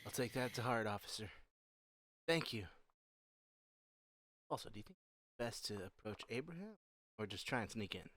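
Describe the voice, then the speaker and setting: A man's voice: on the low side, lively intonation, normal speed, pauses often, fairly bright tone, no echo. A man playing a tabletop game, speaking in character in an earnest, casual way and often correcting himself mid-sentence. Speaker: player. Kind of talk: in-character tabletop role-play.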